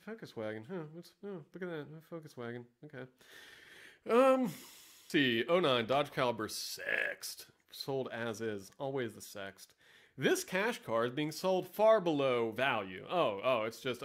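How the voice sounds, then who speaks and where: A man giving sarcastic, profane, rambling casual commentary as the host of a vlog. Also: mid-range voice. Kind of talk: casual commentary reading ads.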